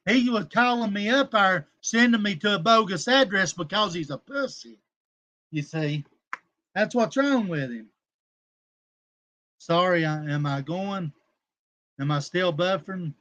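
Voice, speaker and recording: Unhurried and pausing often, a man with a high-pitched, slightly bright voice hosts a relaxed livestream. He drifts between topics, grows combative and coarse, and greets people in his chat by name.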